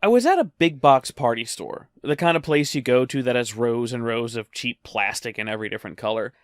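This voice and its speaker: A man's voice: medium pitch, a little fast, no echo, studio quality. A man narrating a personal story in a wry, conversational way. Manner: wry, conversational, lively delivery.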